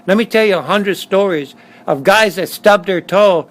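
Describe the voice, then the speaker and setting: A man's voice: sits high, moderate pace, fairly bright tone, rough recording. A middle-aged man with a Southern Californian accent telling stories in a blunt, streetwise way, repeating himself for emphasis, in a casual interview at his motorcycle shop.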